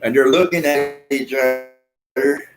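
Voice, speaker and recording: Slow, rambling man. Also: mid-range voice, faint music behind, poor audio. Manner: rambling, excitable, swears. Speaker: vlogger. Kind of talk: casual monologue.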